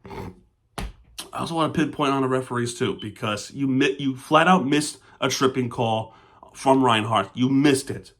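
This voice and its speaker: A hockey fan vlogger with a slightly bright mid-range voice and a moderate pace talks over the game's plays in a relaxed way. Referring to the team as "we" and "our," he flares into angry, expletive-filled rants about the refs.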